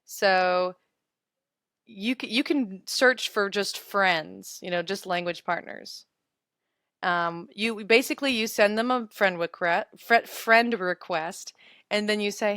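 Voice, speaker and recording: Young woman teacher chatting on a webinar, smooth clear voice, dry close mic, lots of little laughs. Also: mid-range voice, slow, a bit bright, no echo. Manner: chatty, giggly, answers viewer comments. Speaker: English teacher. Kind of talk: casual live webinar chat.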